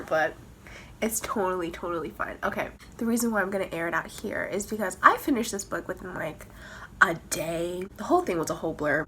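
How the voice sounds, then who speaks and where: A woman's voice: fairly low pitch, pushed and bright, a little hiss or hum. A young woman vlogging casually about her reading, ranting dramatically with swearing, laughter and emotional outbursts. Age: young adult. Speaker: book vlogger. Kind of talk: casual vlog chat.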